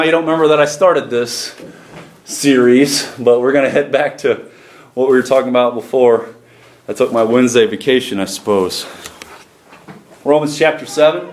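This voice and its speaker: A man preaching a church sermon, calling out to the congregation and reading scripture slowly. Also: medium pitch, echoey room, slight background noise. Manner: calls for congregation responses, reads scripture slowly.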